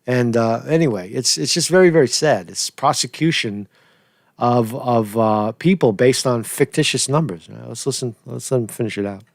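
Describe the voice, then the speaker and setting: A man's voice: mid-range voice, moderate pace, gravelly, dry recording, clean studio sound. A man hosting a show, giving blunt, sarcastic casual commentary on clips he plays. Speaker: host.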